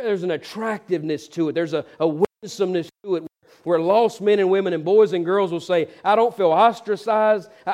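High-voiced preacher man. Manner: storytelling, acts out characters' voices, swings from loud to hushed. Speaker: pastor. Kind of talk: sermon.

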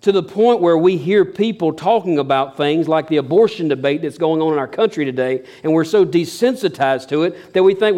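Man, middle-aged, preacher, folksy, emphatic, slightly high voice. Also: lively intonation, fairly quick, few pauses, warm tone. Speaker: pastor. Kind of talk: sermon.

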